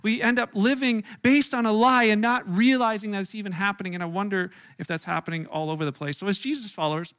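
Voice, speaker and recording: Male pastor with a high, bright, forward voice; animated sermon storyteller. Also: fast, hardly any pauses, clean tone. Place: church room.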